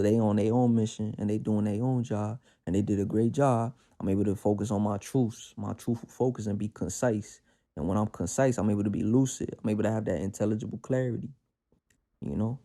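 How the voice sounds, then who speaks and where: A man from the Bronx with a New York accent, talking through a casual spiritual monologue at home. His voice sits fairly low, with a gravelly rasp and a dark, mellow tone. He speaks in a reflective, streetwise way, full of slang and fillers. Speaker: podcast host.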